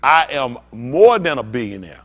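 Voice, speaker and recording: Animated preaching pastor, man. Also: medium pitch, normal speed. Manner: animated, rousing, talks back and forth with the congregation. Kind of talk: preaching to a congregation.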